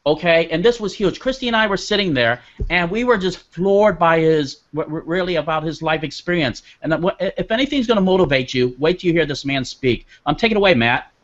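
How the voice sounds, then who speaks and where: A man's voice: a little high, lively intonation, brisk, few pauses, a bit bright, lo-fi sound. A man hosting, introducing the next speaker with an enthusiastic, stumbling build-up. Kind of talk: stage introduction.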